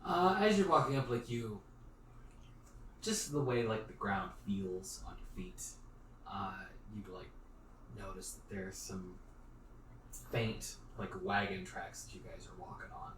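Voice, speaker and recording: A man's voice: on the low side, unhurried, pauses often, fairly bright tone. A man narrating as game master of a tabletop game, talking loosely with many fillers. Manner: rambling, filler-heavy narration. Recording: roomy echo, distant mic, faint noise.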